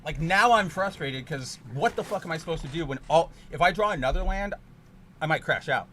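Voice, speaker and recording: A man streaming a card game, ranting and swearing, with sudden loud outbursts in casual chat. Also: on the high side, animated, fairly quick, a little hiss or hum.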